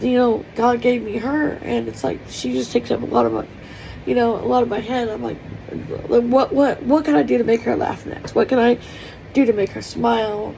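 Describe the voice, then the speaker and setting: A woman's voice: a little high, steady tone, normal speed, gravelly, warm tone, a little hiss or hum, poor audio. A woman talking in a heartfelt, tearful personal vlog, rambling with many fillers as she speaks from her kitchen. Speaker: vlogger. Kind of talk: emotional personal vlog monologue. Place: home kitchen.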